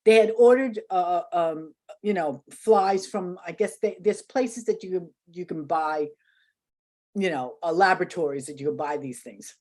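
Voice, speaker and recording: An older interview guest shares stories in a casual, animated way, frequently laughing and voicing the quotes herself. She speaks a little slowly in a lowish, warm voice.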